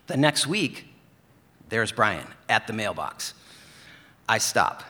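A man telling a personal story on stage, earnest and gentle. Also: fairly low pitch, very animated, takes it slowly, pauses often, big-room sound. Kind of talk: live storytelling.

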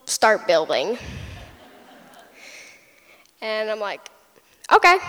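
A young woman telling a personal story, retelling it vividly with little sound effects. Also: on the high side. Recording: long hall reverb.

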